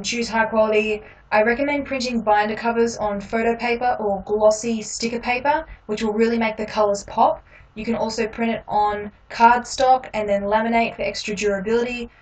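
A woman hosting a step-by-step software tutorial, explaining each click in a relaxed way with frequent ums. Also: a little high, normal speed, far from the mic, low-quality recording. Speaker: tutorial host.

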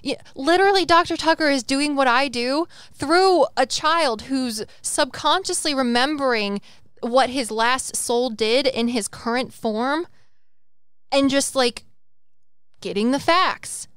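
A young woman talks through a casual podcast, rambling and animated, dropping swears and acting out little quoted voices. Her voice sits fairly high and comes through smooth and clear. The sound is close and dry. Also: measured pace, no room sound. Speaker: podcast co-host and psychic medium.

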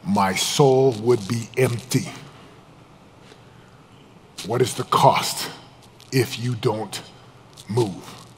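A man giving a live motivational talk as a business coach, intense and emphatic, swinging between loud pushes and hushed, low confessions. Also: drawn-out words, pauses often, slight background noise. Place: event room with a live audience. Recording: long reverb of a large hall.

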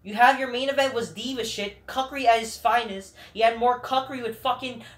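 A woman's voice: a little high, fairly even intonation, fairly quick. A woman reviewing wrestling shows in an angry, profane, rambling rant full of restarts. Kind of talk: ranting commentary.

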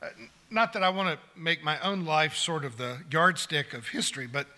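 A man's voice: a little high, animated, normal speed, bright, forceful tone. A man in his sixties, a pastor delivering a sermon to his congregation in an earnest manner that builds to emphatic declarations. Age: 60s. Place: church sanctuary.

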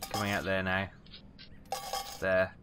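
Chatty low-voiced Welsh man, noisy. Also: monotone, slow. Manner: chatty, muttering while working, British exclamations. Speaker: gaming video host. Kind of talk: casual let's play commentary.

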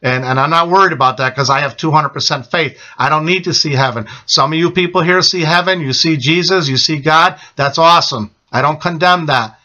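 A man's voice: on the high side, brisk, hardly any pauses, pushed and bright, dull audio. A middle-aged man telling a personal religious testimony in an urgent, repetitive way, often asking "okay?". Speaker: testimony speaker.

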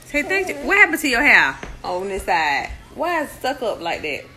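A woman's voice: a little high, wildly swooping pitch, moderate pace, sharp tone, faint music behind. A young adult mother chatting in playful sing-song baby talk to her little ones on a phone live stream. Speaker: mother livestreaming with her babies.

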